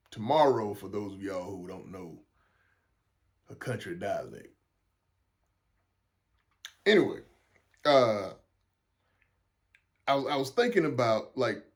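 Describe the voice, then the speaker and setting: A young man from South Carolina with a Southern accent, hosting a solo podcast in a rambling, frank and profane way, often repeating and restarting his words. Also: fairly low pitch. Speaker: podcast host. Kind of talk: casual solo podcast monologue.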